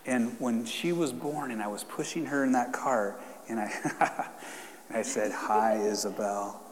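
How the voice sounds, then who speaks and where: Speaking unhurriedly in a mid-range voice, a pastor delivers a conversational sermon and then leads fervent prayer. The church sanctuary adds long reverb, and there's slight background noise.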